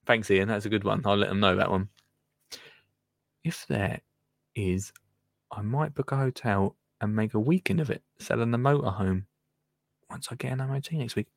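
A man's voice: on the low side, normal speed, vocal fry, pauses often, no echo, studio quality. A man from England hosting a live show, chatting casually and rambling as he reads out listener comments, laughing often and trailing off into mutters. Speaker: radio show host.

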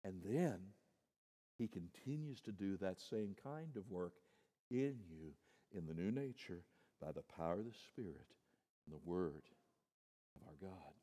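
Male pastor, sermon delivery, moves from soft and low to loud and high, long hall reverb. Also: expressive, a little slow, pauses often. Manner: addresses listeners as "my friend".

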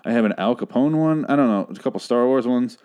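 This Phoenix, Arizona podcast host talks fast, his medium-pitched voice smooth, a little mellow and lively in intonation. He goes over a TV episode in a rambling, sarcastic manner, swearing often.

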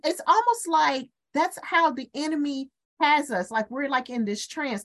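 A woman co-hosts a relaxed faith conversation, her voice pitched somewhat high and swooping widely up and down. She tells her stories with energy, slipping into the voices of the people she describes. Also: unhurried, few pauses. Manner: animated storyteller, acts out voices. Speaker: podcast co-host. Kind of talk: casual faith talk.

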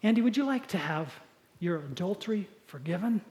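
A man voicing a calm, loving Jesus who speaks softly and low in a sermon story. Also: brisk, echoey room. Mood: gentle. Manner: soft, low and tender.

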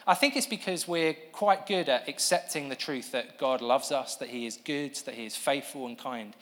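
A man's voice: medium pitch, normal speed, a bit bright. Man preaching in a reverberant hall. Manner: earnest, explanatory, with restarts and asides to the audience. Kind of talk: sermon. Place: church hall with an audience.

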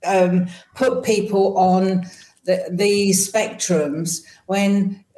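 An English woman answering interview questions as a podcast guest over a video call, with thoughtful, halting phrasing. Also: mid-range voice, fairly even intonation, warm tone, roomy sound, poor audio. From England. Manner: thoughtful, many restarts and fillers.

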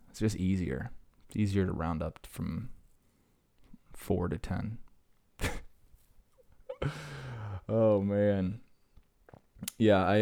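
Man, young adult, podcast host, low voice, laid-back, rambling, self-mocking. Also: darkish tone. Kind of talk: rambling casual podcast chat.

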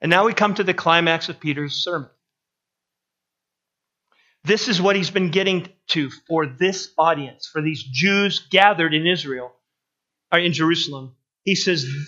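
Bright-voiced, emphatic preacher. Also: male voice, normal speed, highs cut off. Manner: emphatic, builds to climaxes, then drops low. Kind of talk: sermon.

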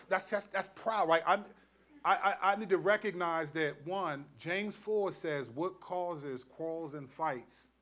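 A middle-aged man preaching, an animated storyteller who acts out quotes and laughs often. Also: on the high side. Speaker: pastor. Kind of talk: sermon teaching.

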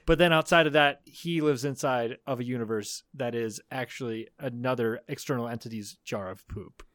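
A man's voice: medium pitch, moderate pace, fairly bright tone, dry recording, clean studio sound. A man with a congested nose hosting a casual comedy podcast, swearing and spinning absurd tangents with a laugh. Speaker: podcast host.

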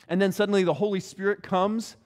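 Middle-aged male pastor, high-pitched voice, lively storytelling sermon delivery. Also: fairly quick. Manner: animated storytelling, acts out quoted voices.

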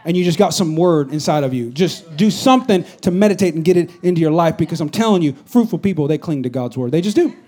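A man preaching a conversational sermon as a pastor to a congregation, swinging from loud exhortation to quiet asides. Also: a little high, expressive, fast, few pauses. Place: church stage before a congregation.

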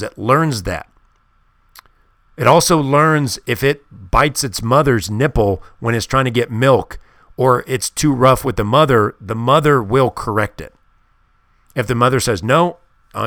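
Man, podcast host, insistent, emphatic, dry close sound, middle pitch. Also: a bit bright, no echo. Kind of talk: casual monologue.

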